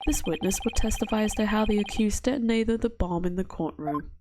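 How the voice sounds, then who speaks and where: A woman's voice: medium pitch, fairly quick, noisy background, lightly acted. A woman voicing a smug, sneering male prosecutor with a condescending delivery, over game music. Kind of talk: reading game dialogue aloud on stream.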